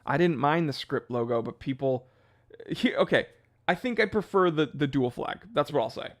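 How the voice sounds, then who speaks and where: Casual American male streamer, slightly higher voice, chatty, breaks into goofy impressions. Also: moderate pace. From United States. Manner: chatty and animated, jumps into goofy impressions of people. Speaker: watch channel host reading live chat. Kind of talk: casual livestream chat.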